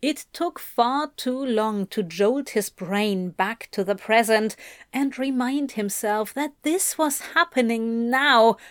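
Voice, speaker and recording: A woman reading a story aloud in a slow, careful, intimate way. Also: a little high, no room sound, clean studio sound. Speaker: reader. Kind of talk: audiobook narration of fan fiction.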